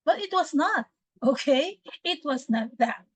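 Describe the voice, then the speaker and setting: A woman from the Philippines with a Filipino accent, teaching English pronunciation slowly and deliberately, repeating words for drills. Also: high-pitched, expressive, no echo, poor audio. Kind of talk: pronunciation lesson.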